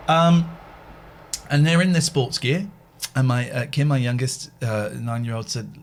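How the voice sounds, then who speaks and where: A middle-aged man hosts a live radio phone-in, chatting easily and telling rambling anecdotes. His voice is medium in pitch and unhurried, with a little background noise.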